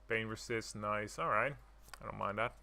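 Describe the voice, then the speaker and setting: A man's voice: fairly low pitch, normal speed, creaky, pushed and bright. A man streaming a video game live, chatting casually and swearing now and then. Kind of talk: live gameplay commentary.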